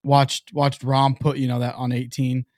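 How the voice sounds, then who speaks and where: A man talks in a loose, rambling way, cracking jokes as he hosts a casual golf chat. His voice sits at an ordinary middle pitch. The sound is close and dry, with no room around it. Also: completely flat delivery, moderate pace, darkish tone, no room sound. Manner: chatty, rambling, jokey. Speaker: podcast host.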